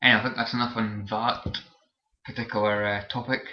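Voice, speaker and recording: A man's voice: fairly low pitch, level tone, fairly quick. Rambling young Scottish man, lo-fi webcam. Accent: Scottish Borders. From Scotland. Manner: rambling, many fillers and restarts. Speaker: vlogger. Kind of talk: casual vlog chat. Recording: roomy, dull lo-fi webcam audio.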